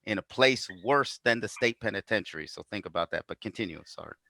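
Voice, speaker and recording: Bright-voiced man making an emphatic point. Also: fairly low pitch, animated, fast, vocal fry, no echo. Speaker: podcast co-host. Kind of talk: casual chat.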